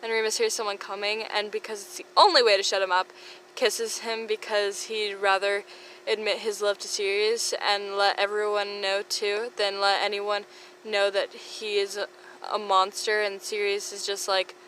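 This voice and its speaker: A woman reads fan comics aloud in a bright, crisp voice. She rushes through long run-on sentences until she is breathless, with faint noise in the background. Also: mid-range voice, little pitch movement, low-quality recording. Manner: breathless, rapid run-on reading. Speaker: fan comic dub reader.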